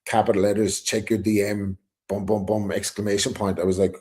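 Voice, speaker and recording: A man's voice: on the low side, little pitch movement, fairly quick, a little mellow. A middle-aged Irish man telling a story in a casual chat, acting out the quotes and swearing freely. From Ireland. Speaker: guest rapper.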